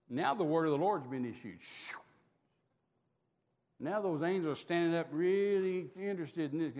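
Folksy storytelling preacher, high for a man, long hall reverb. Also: normal speed, long pauses, a little mellow. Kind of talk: storytelling sermon.

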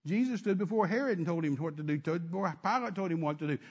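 A man's voice: on the high side, quick pace, slightly rough. A man preaching a sermon, emphatic and repetitive, calling out to his congregation.

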